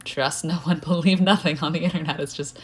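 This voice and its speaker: A woman's voice: sits low, steady tone, brisk. A young woman content creator giving casual commentary, musing and rambling.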